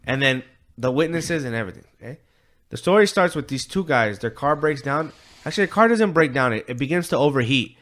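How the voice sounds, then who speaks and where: In a medium-pitched, animated and somewhat bright voice, a man co-hosting a podcast retells a story at a brisk pace. The chat is loose and profane, rambling along with fillers and quoted voices.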